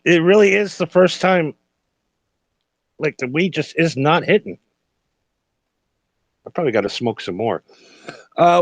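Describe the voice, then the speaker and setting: A man's voice: a little high, no echo, highs cut off. A man co-hosting a casual comedy podcast, sarcastic and easily exasperated, laughing often. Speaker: podcast co-host. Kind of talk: casual stoner comedy chat.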